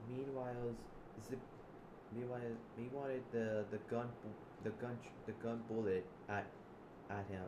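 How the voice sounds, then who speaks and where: A man improvising his part of a role-play story, halting and repeating words as he goes. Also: lowish voice, fairly even intonation, roomy sound, noisy background.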